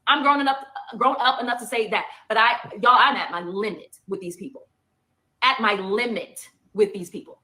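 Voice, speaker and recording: A woman speaks in a heated, emphatic monologue and hammers her points by saying them twice. Her voice sits a little high. It has a bright, forceful edge. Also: normal speed. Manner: emphatic, repeats points for effect.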